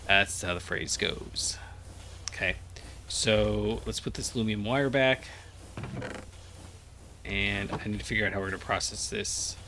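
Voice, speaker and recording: A man's voice: on the low side, steady tone, a little slow, pauses often, bright, forceful tone, slight background noise. A man casually thinking aloud while playing a game, rambling with lots of fillers and sounding a bit groggy. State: groggy after a nap. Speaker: gaming channel host. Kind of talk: casual Let's Play commentary.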